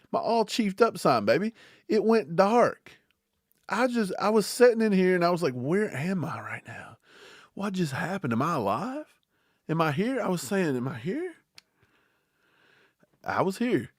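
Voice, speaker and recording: A man hosting a casual livestream, talking in an animated, rambling way. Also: medium pitch, no room sound, studio quality. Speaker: livestream host.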